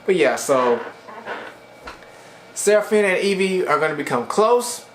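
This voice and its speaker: A man casually recapping webcomic chapters for his channel, retelling scenes with slangy asides and quick voiced-out lines for the characters. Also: high-pitched, expressive, fairly bright tone, reverberant, a little hiss or hum. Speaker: webcomic reviewer.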